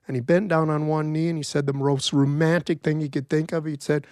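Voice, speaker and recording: A middle-aged man telling a folk tale in a wry, folksy, animated way. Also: fairly high pitch, fairly quick, no echo, clean studio sound. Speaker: storyteller. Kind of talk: told folk-tale storytelling.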